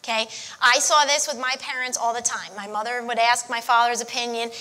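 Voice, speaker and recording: A woman with a high, bright, sharp voice leads a church marriage class. She coaches directly and keeps checking in with her listeners. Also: fairly even intonation, a little fast. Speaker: marriage counselor.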